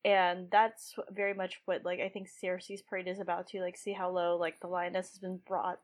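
A woman's voice: lowish voice, flat delivery, normal speed. A woman co-hosting a podcast, chatting casually about a book with lots of filler words. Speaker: podcast co-host.

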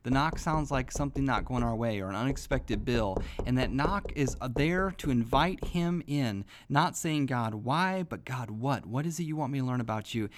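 A man tells a homespun family story in a relaxed, folksy way, then leans into earnest, preacher-like encouragement. His voice sits at an ordinary middle pitch. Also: moderate pace, hardly any pauses, background noise. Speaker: podcast host. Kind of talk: devotional storytelling.

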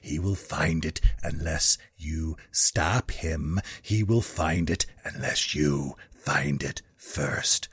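A man voicing an ancient old man who bellows prophecies of doom in a high, cracking shriek. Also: takes it slowly, hardly any pauses, fairly bright tone, husky, no echo, full character voice. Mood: ominous.

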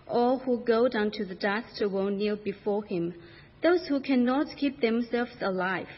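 A woman giving a steady, measured reading of scripture in a church service. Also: fairly high pitch. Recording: dull lo-fi church recording with long reverb.

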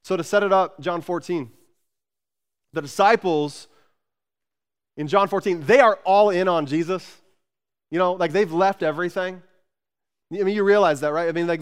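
A pastor preaching a sermon, energetic and conversational, repeating words and swinging between loud emphasis and soft, tender passages. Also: male voice, high-pitched, normal speed, pauses often, smooth.

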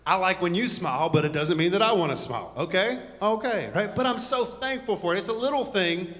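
A man's voice: sits high, animated, a little fast, a bit bright, long reverb tail. A man preaching a conversational sermon to a congregation, full of joking asides and rambling stories. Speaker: pastor.

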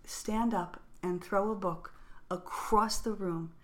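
A woman's voice: medium pitch, fairly even intonation, slow. Woman in her fifties, podcast co-host, casual chat, storytelling, laughs often. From New York. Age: 50s.

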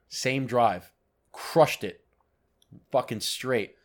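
A man co-hosts a laid-back podcast and tells a story in casual chat. His delivery is animated and full of swearing, in a voice of middling pitch. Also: slow. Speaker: podcast co-host.

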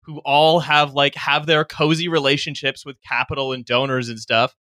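A man's voice: medium pitch, flat delivery, normal speed, sharp tone, no room sound. A man from Canada hosting a podcast in casual, chatty talk and laughing easily. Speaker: podcast host. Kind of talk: casual chat.

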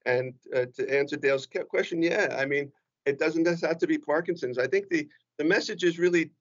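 Lively New man telling stories. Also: on the high side, fairly quick, muffled recording. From New Jersey. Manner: animated, joking, acts out quoted voices. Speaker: guest comedian. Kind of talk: storytelling interview talk.

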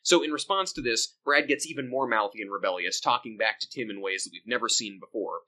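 A man's voice: lowish voice, fast talker, bright, forceful tone, poor audio. A man co-hosting a podcast, recapping an old sitcom episode in a joking, rambling way. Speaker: podcast co-host. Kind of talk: casual recap chat.

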